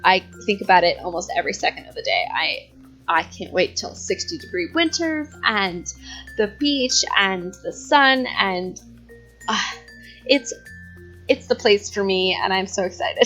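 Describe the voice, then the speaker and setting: A woman's voice: mid-range voice, sing-song, a little slow, fairly bright tone, dull audio, soft background music. A young woman in her twenties chatting casually over gameplay, rambling and giggling, a bit out of breath. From California. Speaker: YouTube host.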